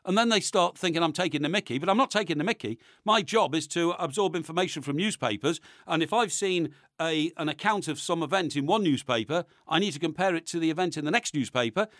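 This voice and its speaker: A man's voice: fairly high pitch, fast, few pauses, a bit bright, dry recording. A man with a studio microphone, talking in comic banter in an indignant, rambling way with stammered restarts.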